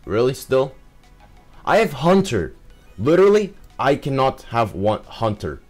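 A young man giving excitable live commentary over his own gameplay, full of exclamations and fillers. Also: mid-range voice, unhurried, soft background music.

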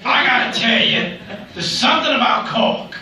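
A man impersonating an exuberant older film star, drawing out loud exclamations. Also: very high-pitched, animated, normal speed, distant mic, full character voice. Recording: echoey live hall with a crowd.

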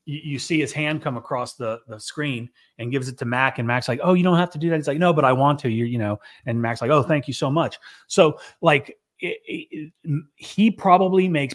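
A middle-aged man, a business owner, chatting casually on a show and rambling with lots of restarts and fillers. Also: mid-range voice. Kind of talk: casual chat.

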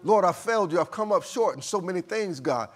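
A man's voice: high voice, lively intonation, fairly quick, voice pushed up. A man preaching, voicing a grieving apostle who pleads with God in a raised, crying-out voice. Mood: anguished.

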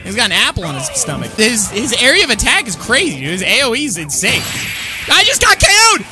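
A woman commenting on her own gameplay, excitable and slangy, often yelling at the screen. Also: fairly high pitch, brisk. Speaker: gaming channel host. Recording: loud game music behind voice. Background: game music.

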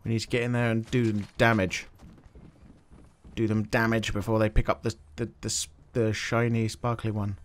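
A man doing jokey game commentary, talking to himself with sudden excited yelps. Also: lowish voice, moderate pace. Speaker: gaming channel host.

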